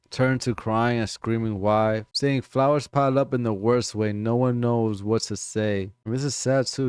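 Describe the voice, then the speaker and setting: A man's voice: on the low side, darkish tone, clear, resonant tone, dry recording, studio quality. A man giving casual reaction commentary to songs, laid back and speaking straight to his viewers. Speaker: music reactor.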